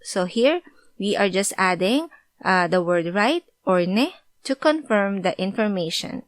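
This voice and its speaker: Woman language teacher, clear patient delivery, mid pitch, dry close sound. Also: animated, unhurried, dry recording. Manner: clear, patient explanation, switching into example sentences. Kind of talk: explaining grammar with examples.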